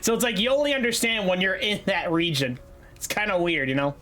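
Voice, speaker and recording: Young man with a Massachusetts accent, high voice, rambling and joking, casual gaming stream chat. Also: fairly quick, sharp tone. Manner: rambling, joking, profane, laughs often.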